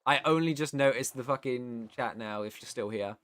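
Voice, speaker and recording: A man's voice: mid-range voice, moderate pace, fairly bright tone. A man from the United Kingdom chatting casually on a live stream, reading chat aloud and rambling with the odd swear. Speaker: streamer and voice actor.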